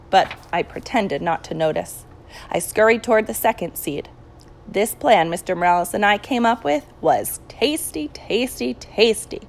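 A woman reading a children's novel aloud, her voice rising and falling with a lively, animated lilt. There is a gravelly fry at the ends of her phrases. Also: medium pitch, poor audio. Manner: expressive storytelling. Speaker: audiobook narrator. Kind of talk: children's audiobook narration.

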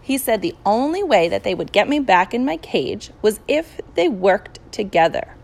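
A woman reading a children's novel aloud, her voice rising and falling with a lively, animated lilt. There is a gravelly fry at the ends of her phrases. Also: medium pitch, moderate pace, rough recording. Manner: expressive storytelling. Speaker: audiobook narrator. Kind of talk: children's audiobook narration.

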